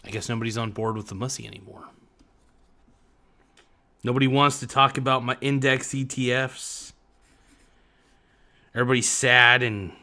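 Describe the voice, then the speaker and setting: A man's voice: medium pitch, sharp tone. A man hosting a casual livestream, chatting loosely to viewers in the chat with a slightly sore voice. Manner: laid-back, chatty, talks to viewers in chat, frequent "man" and "dude". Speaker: livestream host.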